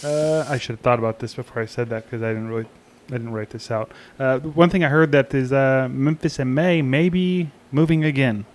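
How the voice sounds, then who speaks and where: A Texan man with a mid-pitched voice runs the news segment of a barbecue podcast. He talks loosely and off the cuff, with casual swearing. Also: fairly quick. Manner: loose, unscripted, swears freely. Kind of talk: casual chat.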